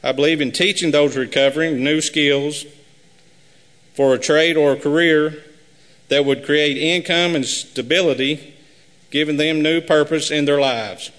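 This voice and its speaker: A man running for sheriff, reading a prepared campaign speech at a live forum in an earnest, measured way. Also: on the high side, steady tone, a bit bright. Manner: earnest, measured, repetitive pledges. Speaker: sheriff candidate. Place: high school forum hall. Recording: live hall with long reverb.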